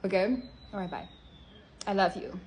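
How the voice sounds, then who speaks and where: Talking directly to her phone camera, a woman health vlogger uses a medium-pitched voice with fairly even intonation at normal speed. She's blunt and scolding, often finishing with "okay?", amid slight background noise.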